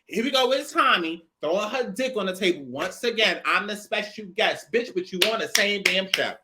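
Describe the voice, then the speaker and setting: A woman's voice: mid-range voice, lively intonation, moderate pace, background noise. A young woman, giving a blunt, sassy, profane review of a reality show. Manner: blunt, sassy, swears a lot. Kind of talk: casual profane commentary.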